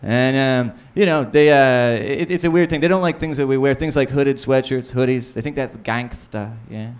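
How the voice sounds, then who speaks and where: A man from Canada performs stand-up in a small comedy club. His voice sits at a middling pitch, and he rambles through crude bits. Now and then he breaks into silly put-on voices. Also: normal speed, clean tone. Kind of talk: live stand-up set.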